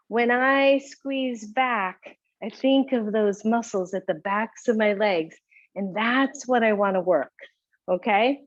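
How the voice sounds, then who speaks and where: A woman's voice: on the high side, lo-fi sound. A woman teaching a home yoga class, giving encouraging cues with a chatty manner and frequent light laughs.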